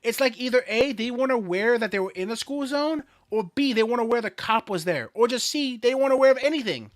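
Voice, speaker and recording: High-voiced man telling a story. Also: quick pace, no room sound, studio quality. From Florida, USA. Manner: animated storyteller, swears freely. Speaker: co-host. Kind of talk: casual podcast chat.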